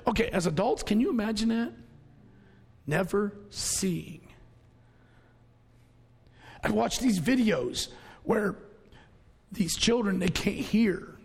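Gravelly preacher with a drawl in a hall. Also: male voice, high voice, a little slow, pauses often. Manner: folksy, conversational preaching with sudden loud outbursts and hushed asides. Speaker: pastor. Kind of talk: sermon. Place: church.

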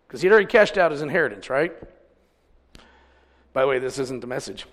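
A middle-aged man preaching a sermon as pastor, swinging between loud, drawn-out peaks and quiet asides. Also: medium pitch, animated, long reverb tail.

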